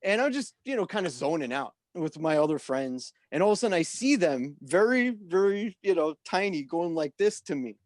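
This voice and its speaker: High-voiced man telling an animated story. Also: normal speed, hardly any pauses, no echo, clean studio sound. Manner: animated, rambling, full of "like" and "you know", swears freely. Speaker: guest musician. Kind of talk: casual storytelling on a podcast.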